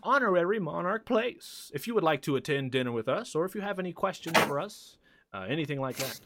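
A man's voice: animated, brisk, fairly bright tone, a little hiss or hum. A man voicing a flamboyant male carnival ringmaster in a showy, theatrical announcer manner. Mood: polite host. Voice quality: high, theatrical showman voice. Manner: grand announcer delivery, prim and flustered.

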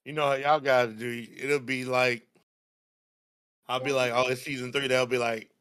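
A man hosting a podcast, relaxed and joking as he teases his friends. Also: medium pitch, normal speed, clear, resonant tone, no echo. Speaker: podcast host. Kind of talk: casual chat.

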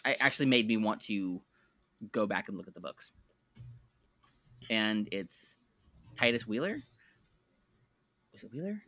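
A man's voice: on the low side, animated, unhurried, pauses often, pushed and bright. A man co-hosting a podcast in casual chat, rambling and restarting as he eagerly recommends shows. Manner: rambling, self-correcting, enthusiastic recommendations. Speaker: podcast co-host.

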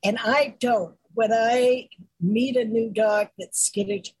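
A woman dog groomer co-hosting a podcast, chatting casually in a gentle, self-deprecating way. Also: medium pitch, fairly even intonation, takes it slowly, husky, no echo, low-quality recording. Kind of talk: casual chat.

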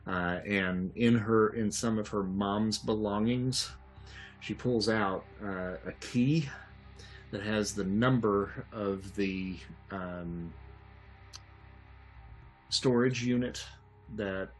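Man, game master, very low voice, hesitant, rambling narration. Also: slow pace, long pauses, faint music behind. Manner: rambling, hesitant with many fillers.

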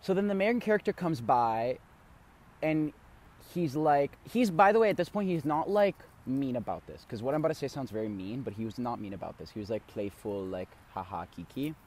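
A man's voice: mid-range voice, lively intonation, a little fast, a little mellow. A man casually telling a long story on a podcast, rambling with many fillers and swearing freely. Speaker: podcast co-host.

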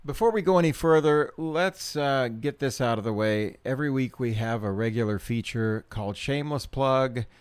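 A man's voice: mid-range voice, moderate pace, few pauses, smooth, no room sound. A middle-aged man hosting his own podcast in a chatty, self-deprecating way, with ums and small laughs. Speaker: podcast host. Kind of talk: casual solo podcast talk.

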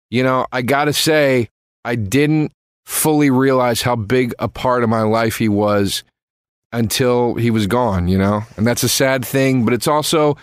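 A man giving a spoken tribute to a late friend, halting and full of fillers, livelier when he tells a story. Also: mid-range voice, clean tone, dry recording, studio quality.

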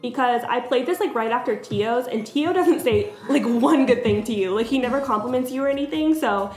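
A chatty young woman, pitched a little high, tells a game story in casual podcast chat, leaning hard on fillers like "like." The room rings with echo, and a faint music bed sits underneath. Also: animated, brisk, darkish tone. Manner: chatty, filler-heavy, laughs often. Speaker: podcast co-host.

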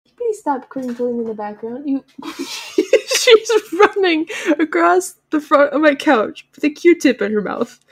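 A woman's voice: sits high, big pitch swings, unhurried, no echo. A young woman co-hosting a podcast, chatting casually and laughing often. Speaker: podcast co-host. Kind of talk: casual chat.

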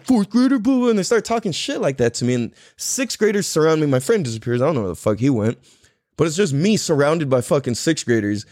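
Man, 30s, from San Diego; casual profane storyteller, very animated delivery. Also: no echo, studio quality. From San Diego, California. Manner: profane, animated, acts out quotes in a louder higher voice.

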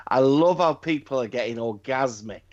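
A man on a podcast ranting bluntly with plenty of swearing. His voice sits at an ordinary pitch. The sound is a touch dull and lo-fi. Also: moderate pace. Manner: profane, ranting. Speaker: podcast co-host. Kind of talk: casual chat.

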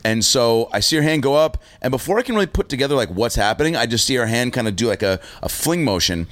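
A man, a stand-up comedian, telling a story in casual chat, swearing freely and loudly acting out the people he quotes. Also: medium pitch, lively intonation, fast talker.

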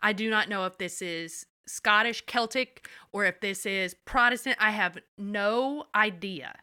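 A woman with a bright, clear voice recaps a show episode for her co-host, animated and salty-mouthed. The sound is dry and close. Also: medium pitch, unhurried, no room sound. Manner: animated, profane storytelling. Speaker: podcast co-host.

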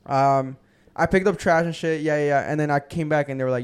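A young man tells wild party stories on a casual podcast, swearing freely and saying "bro" again and again. His voice sits a little high and sounds smooth and clear. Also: brisk. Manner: profane, animated storyteller, says "bro" a lot. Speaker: podcast co-host. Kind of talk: casual storytelling chat.

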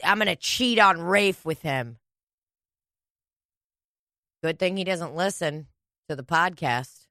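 A woman's voice: lowish voice, expressive, slow pace, long pauses, sharp tone, no echo, clean studio sound. Crude, swearing woman on a podcast. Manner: crude, rambling, swears a lot. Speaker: podcast co-host. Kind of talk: casual podcast chat.

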